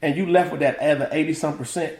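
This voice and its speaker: A man's voice: a little high, quick pace. A middle-aged man from the American South, chatting as an interview guest and acting out family quotes with frequent laughter. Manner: animated, acts out family quotes, laughs often. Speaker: guest, author and motivational speaker. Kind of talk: casual interview chat, storytelling. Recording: echoey room.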